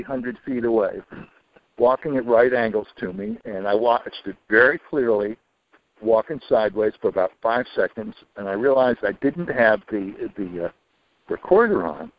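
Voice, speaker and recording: A retired older man telling a long personal story in an interview, rambling with many restarts and dropping into low, muttered asides. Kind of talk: casual storytelling. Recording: dull lo-fi recording.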